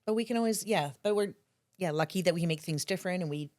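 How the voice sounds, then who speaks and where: A woman's voice: lowish voice, fast talker, darkish tone. A woman, a bakery co-owner, chatting casually and upbeat as a podcast guest. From Canada.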